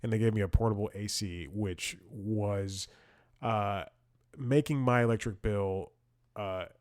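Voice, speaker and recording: A man's voice: on the low side, measured pace, no echo, clean studio sound. A young man hosting a comedy podcast, telling a rambling story and often chuckling and restarting his sentences. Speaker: podcast host. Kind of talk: casual comedic monologue.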